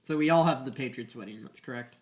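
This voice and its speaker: A man's voice: medium pitch, fast talker. A man in a casual sports podcast chat, offering short, agreeable remarks. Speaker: podcast co-host.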